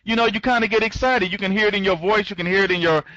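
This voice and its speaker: Excitable rambling man on dull audio. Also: sits high, rapid-fire, dry recording. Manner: speeds up when excited; rambling, with many restarts, greeting listeners by name. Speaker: online program trainer. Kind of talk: live online training talk.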